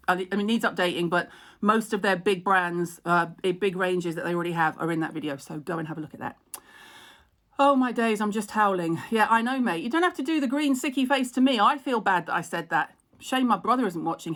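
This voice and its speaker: On her live stream, a middle-aged woman keeps up casual, frank chatter, mocking herself with plenty of laughter and replying to comments from viewers. Her mid-range voice is brisk and a bit bright.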